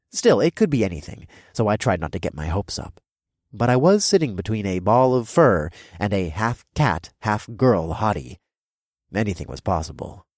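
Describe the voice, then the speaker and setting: A man narrates a first-person fantasy audiobook with wry, expressive delivery. His voice is deep and husky, and his pitch rises and falls freely. The recording is close and completely dry. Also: no room sound.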